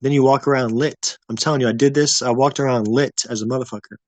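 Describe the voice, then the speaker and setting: Male streamer, mid-pitch, easygoing rambling chat, dry close sound. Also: steady tone, fast talker, no echo. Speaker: livestream host. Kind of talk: casual livestream chat with viewers.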